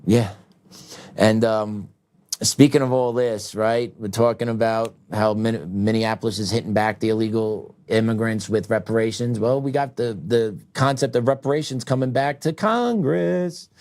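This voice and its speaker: A man's voice: lowish voice, normal speed, darkish tone. A middle-aged man hosting a show, delivering a heated political commentary monologue with asides and short laughs. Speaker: show host.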